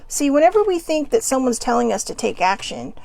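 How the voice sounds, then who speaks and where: Reading oracle cards for her viewers, a woman chats in a rambling, upbeat way, tossing in playful asides during this casual spiritual talk. Her voice is high-pitched and a little mellow, a bit fast, with big pitch swings and vocal fry.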